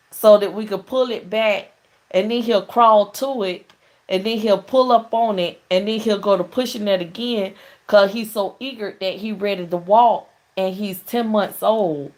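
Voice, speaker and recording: A woman's voice: mid-range voice, darkish tone. A middle-aged woman hosting a casual call-in show, telling stories in a chatty way and laughing often. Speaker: talk show host.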